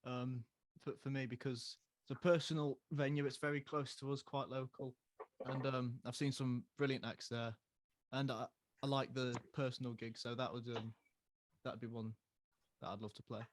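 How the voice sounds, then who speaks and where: An easygoing young man from a band, answering questions in a relaxed interview. His voice sits mid-range, and the sound is dry and close. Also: mid-range voice, normal speed, no echo. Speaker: band member guest. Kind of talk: casual interview.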